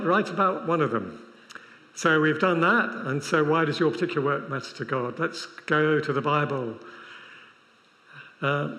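A man preaching to a large convention crowd, conversational and dryly funny, slipping in self-mocking asides. His voice sits a little higher than most men's. The sound carries the long reverb of a big hall. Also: bright, forceful tone. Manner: conversational with wry humorous asides. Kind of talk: sermon.

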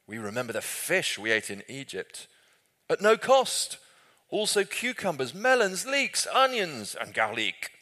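Whiny crowd of wanderers in a mock French accent, pitched very high and loud, put on by a man reading aloud. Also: wildly swooping pitch, a little slow, full character voice. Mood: wailing. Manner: whiny, theatrical longing.

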